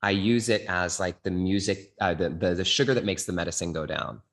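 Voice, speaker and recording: A man's voice: low voice, fairly quick, vocal fry. A man from the Bay Area, a guest singer-songwriter, earnestly telling his life story in an interview. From California, Bay Area. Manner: earnest, animated retelling with acted quotes.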